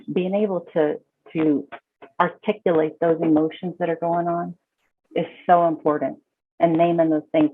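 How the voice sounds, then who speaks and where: A woman counselor speaking as a podcast guest in an emphatic, casual way, often repeating her words as she starts a thought. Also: low-pitched. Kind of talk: casual conversational advice. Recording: tinny phone-like call audio.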